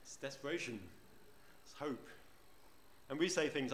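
A man's voice: mid-range voice, measured pace, pauses often, fairly bright tone, slight background noise. A man preaching a sermon in church, conversational, often asking the congregation rhetorical questions. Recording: roomy church echo.

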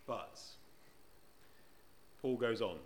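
Speaking extremely slowly at a medium pitch, a man delivers a church sermon in a conversational style. He frequently poses rhetorical questions to the congregation, with roomy echo around him.

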